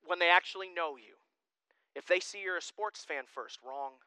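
Male pastor, high, lively voice, bright and crisp; emphatic preaching with quick asides. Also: dry recording. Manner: animated, emphatic, jokey asides. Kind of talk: sermon.

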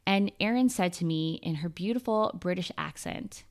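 A woman's voice: fairly low pitch, moderate pace, few pauses. Earnest woman hosting a solo podcast. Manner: earnest, list-like, conversational. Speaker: podcast host. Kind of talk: scripted solo podcast monologue.

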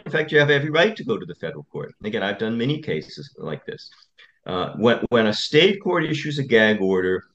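Animated male attorney, lo-fi sound. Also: medium pitch. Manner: emphatic, repetitive storytelling. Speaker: attorney guest. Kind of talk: interview conversation.

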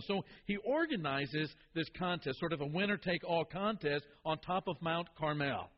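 A man's voice: high-pitched, long reverb tail, highs cut off, a little hiss or hum. A man preaching a sermon to his congregation, asking them questions and repeating key phrases for emphasis. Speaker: pastor.

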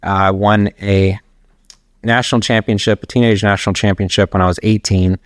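This middle-aged personal trainer, a guest in a relaxed interview, has a fairly low voice with flat delivery at a moderate pace. He tells long, wandering anecdotes and laughs as he goes. The sound is clean studio audio with no room sound.

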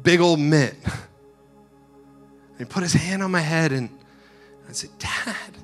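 A man preaching a sermon, telling a personal story earnestly, dropping to a hush and rising again. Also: a little high, takes it slowly, soft background music. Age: adult. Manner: earnest storytelling, swings from hushed to loud. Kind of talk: sermon testimony.

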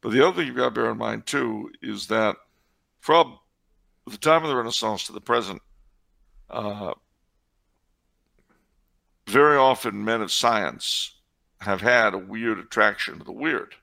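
A man's voice: lowish voice, measured pace, vocal fry, long pauses, sharp tone. A man answering questions on church history in casual discussion, with wry, digressive, sardonic asides.

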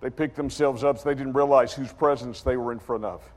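A man preaching a sermon as dramatic storytelling, acting out scenes in character voices and swinging from shouts to quiet. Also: mid-range voice, fairly even intonation, brisk. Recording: long hall reverb.

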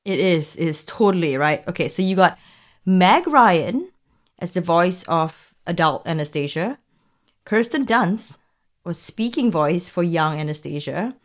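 A woman's voice: on the low side, expressive, a little slow. A woman co-hosting a podcast in casual chat, talking freely with restarts, fillers and laughter. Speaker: podcast co-host.

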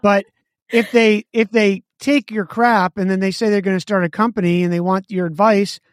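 A man's voice: high-pitched, normal speed, no echo, studio quality. A man co-hosting a business podcast, telling stories animatedly and acting out both sides of conversations. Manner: animated storyteller, acts out both sides of dialogue. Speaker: podcast co-host.

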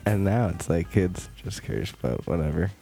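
A man's voice: sits low, lively intonation, normal speed, gravelly, warm tone, faint music behind. A man co-hosting a podcast, chatting casually in a laid-back way with short replies and stories. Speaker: podcast co-host.

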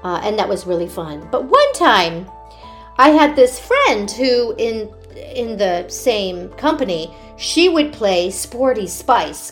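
A woman who works as a children's party performer, casually telling personal stories in an animated way and laughing often. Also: medium pitch.

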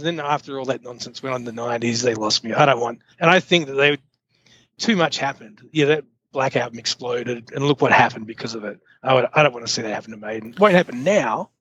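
A man's voice: mid-range voice, quick pace, fairly bright tone, husky. A man co-hosting a podcast, giving his opinions earnestly in a casual chat. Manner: earnest and opinionated, with frequent fillers. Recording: dull, lo-fi line.

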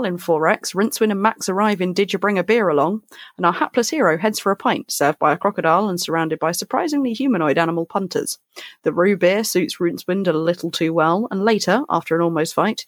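A woman co-hosting a book podcast, recapping the plot in quick alliterative summaries and chatting casually. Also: fairly low pitch, no room sound, studio quality. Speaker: podcast co-host.

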